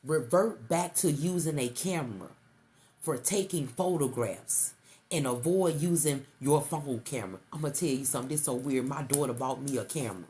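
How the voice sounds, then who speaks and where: A woman's voice: very deep voice, moderate pace, dark tone. A middle-aged woman doing an intuitive tarot reading to the viewer, repeating herself and calling the listener baby. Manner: repetitive, coaxing, calls listener baby. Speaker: tarot reader.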